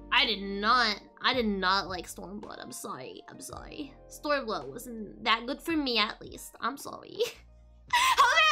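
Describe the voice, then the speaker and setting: A young woman streaming casually to her viewers, bubbly and giggly, often breaking into high squeals. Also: bright, forceful tone. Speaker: VTuber streamer.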